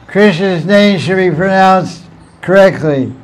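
A spiritual teacher gives a devotional talk with verse recitation, speaking slowly in a high-pitched voice. He's playful and chuckles while answering questions, and the recording is rough.

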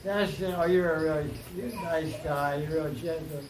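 A man putting on a lovesick young woman's voice scolds a bee messenger. The voice sits high and moves slowly, full of scorn and teasing. A roomy echo hangs around it. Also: steady tone, slight background noise. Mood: mocking. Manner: mocking, scornful.

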